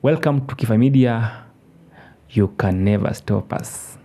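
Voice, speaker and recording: A man hosting an explainer channel, narrating in an informal, halting way with restarts. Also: medium pitch, dark tone. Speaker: channel host.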